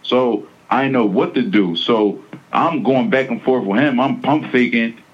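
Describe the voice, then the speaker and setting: A man's voice: medium pitch, measured pace, dull audio. A man being interviewed, talking casually and emphatically, with slang and many repeats. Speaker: interviewee, defendant. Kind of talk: casual interview over a phone line.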